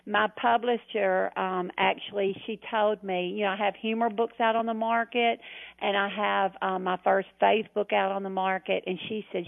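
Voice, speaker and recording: A woman's voice: medium pitch, level tone, normal speed, creaky. A woman with a Southern accent, a cookbook author chatting on a radio show in a folksy, self-deprecating way. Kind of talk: radio interview by phone. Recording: tinny phone line.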